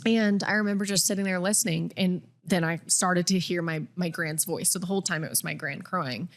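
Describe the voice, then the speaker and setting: A woman's voice: on the low side, fairly even intonation, a little fast. A woman in her twenties, a podcast co-host, telling a personal story candidly with lots of "like.". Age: 20s. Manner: candid, filler-heavy with frequent "like".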